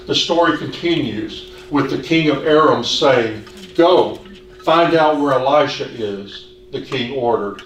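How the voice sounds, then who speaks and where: A man's voice: medium pitch, fairly bright tone. Man preaching in an echoey hall. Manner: earnest, measured preaching with rhetorical questions. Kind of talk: sermon. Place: church hall. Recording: echoey hall, distant mic, faint hiss.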